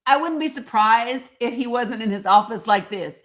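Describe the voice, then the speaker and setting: Woman host, middle-aged, blunt and profane, slightly high voice, chatty sarcastic commentary. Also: lively intonation, moderate pace, hardly any pauses, a bit bright. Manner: blunt, profane and sarcastic, greeting chat viewers. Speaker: live-stream host. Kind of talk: casual political commentary stream.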